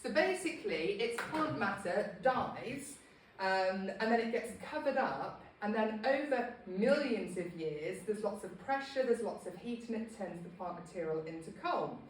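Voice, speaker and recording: A woman's voice: mid-range voice, expressive, normal speed, recorded from a distance, a little hiss or hum. A woman giving a casual local history talk to a small group, chatty and self-deprecating with many ums. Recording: echoey room, speaker off-mic.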